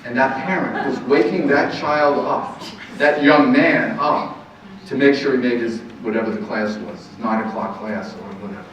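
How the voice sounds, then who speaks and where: A man's voice: mid-range voice, normal speed, a bit bright. A man gives an earnest parenting talk as a counselor, stressing his points and asking rhetorical questions. He sounds far from the mic in a very reverberant room. The sound is muffled, with faint noise behind him. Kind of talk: lecture to a live audience. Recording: very echoey, distant, muffled room recording.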